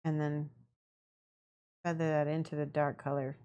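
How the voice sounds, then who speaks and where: A young woman casually explaining her painting as she works, chatty and relaxed, answering her viewers and laughing often. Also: deep voice, normal speed, dull audio. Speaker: miniature painting streamer. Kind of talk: casual painting tutorial chat.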